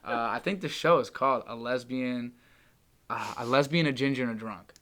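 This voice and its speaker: A man's voice: mid-range voice, normal speed, fairly bright tone. A young man from Massachusetts, hosting a casual podcast chat, rambling and joking, often laughing. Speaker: podcast host.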